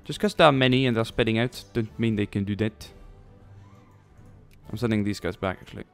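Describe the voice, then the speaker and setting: A man with a fairly low voice talks through a strategy game, thinking aloud as he plays. He rambles and throws in jokey asides, with faint music playing under his voice. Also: fairly quick, vocal fry. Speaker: let's play commentator. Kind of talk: casual gameplay commentary.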